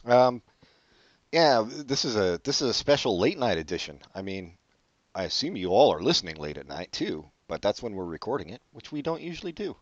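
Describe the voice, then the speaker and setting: A man's voice: lowish voice, big pitch swings, a little fast, no room sound. A man co-hosting a casual late-night podcast chat, joking and punning as he rambles. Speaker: podcast co-host. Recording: dull lo-fi dry recording.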